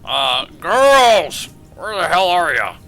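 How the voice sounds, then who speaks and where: A man's voice: medium pitch, normal speed, faint music behind. A man voicing a doting, folksy king who is father to the princesses. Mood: gruff. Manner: loud, affectionate, folksy.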